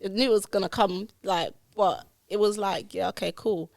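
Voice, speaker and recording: A woman's voice: mid-range voice, steady tone, moderate pace, creaky, no room sound. A woman, a podcast guest telling her life story candidly and acting out the dialogue, recorded on a studio podcast mic. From London, England.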